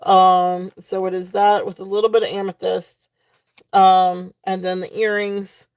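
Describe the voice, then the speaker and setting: A woman's voice: medium pitch, level tone, a little slow, a little mellow, clear, resonant tone, no echo. A woman hosting a live jewelry sale, talking casually and gushing over each piece, repeating her praise with plenty of ums and restarts. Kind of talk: casual live-stream selling.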